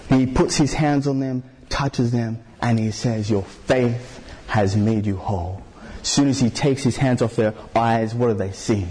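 A man's voice: medium pitch, steady tone, moderate pace, hardly any pauses, a little mellow, husky. A man preaching a sermon in a conversational way, full of "you know" fillers and questions put to the congregation.

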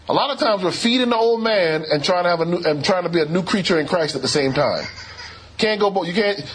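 A male preacher telling a story from his work as a doctor, his voice pitched high with a husky edge. He acts out each exchange as he tells it, then turns it into a sermon lesson. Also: low-quality recording. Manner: animated storyteller, acts out quoted dialogue. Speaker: preacher and physician.

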